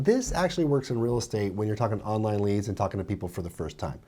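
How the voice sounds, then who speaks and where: Animated man breaking down sales calls. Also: fast talker, hardly any pauses. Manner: animated, acts out buyers' lines in a higher voice. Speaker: real estate coach reacting to a sales call. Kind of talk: commentary on a played clip.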